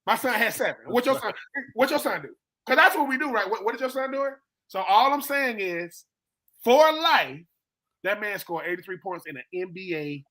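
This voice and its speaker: A man, a former player, telling stories with animated emphasis on a live-streamed sports talk show. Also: high-pitched, moderate pace. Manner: animated storytelling, emphatic repetition. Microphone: live stream call.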